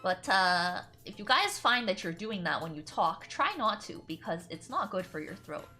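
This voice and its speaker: A woman streamer chatting casually while reacting to a video, animated and quick to laugh, with lots of filler words. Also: fairly low pitch, faint music behind. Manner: animated, giggly, breaks into laughter often; chatty, heavy use of 'like'. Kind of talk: casual livestream reaction chat.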